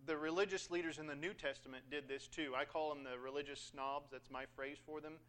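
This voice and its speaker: Bright-voiced joking preacher man. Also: fairly high pitch, fairly even intonation, fairly quick. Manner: conversational and joking, acting out scripture. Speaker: pastor. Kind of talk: sermon.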